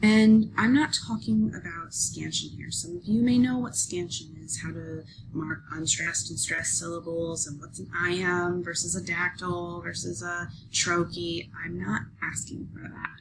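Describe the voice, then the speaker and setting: Slow, gravelly-voiced woman teacher explaining. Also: lowish voice, noisy background. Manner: patient, explanatory, many fillers and checks like "okay?". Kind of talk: screen-recorded lesson walkthrough.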